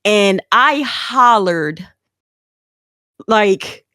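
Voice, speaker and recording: A woman guest on a podcast, talking casually and telling stories with energy. She jumps up high when she quotes herself or others. The sound is dry and close. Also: very slow, dry recording. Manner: animated storyteller, acts out quotes in a high excited voice. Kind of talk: casual chat.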